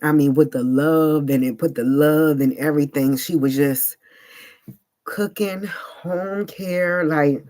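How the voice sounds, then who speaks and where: Speaking slowly in a low, warm voice, a woman vlogs about something personal. Her style is casual, slangy and emphatic, and she says "like" a lot.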